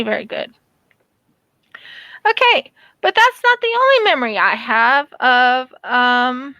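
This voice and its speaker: Slow, bright-voiced woman telling stories. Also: a little high, gravelly, dry recording, highs cut off. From United States. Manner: animated, acts out quotes in her storytelling. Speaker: craft channel vlogger. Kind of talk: casual storytelling while crafting.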